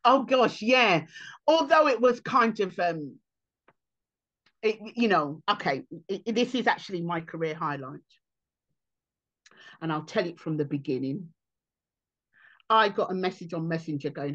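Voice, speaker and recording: A lively woman comedian with a fairly low voice tells stories in an interview, jumping into her quotes with sudden bursts. The recording sounds a little dull and lo-fi. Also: measured pace, pauses often. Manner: animated, acts out quotes with big pitch jumps. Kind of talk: interview storytelling.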